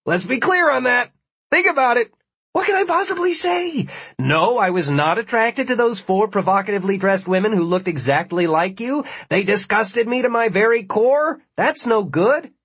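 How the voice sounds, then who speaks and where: A man's voice: high voice, sing-song, normal speed, breathy edge, voice pushed up, exaggerated voice. A man voicing a young man who is cornered and pleads his case in rising exasperation. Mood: exasperated.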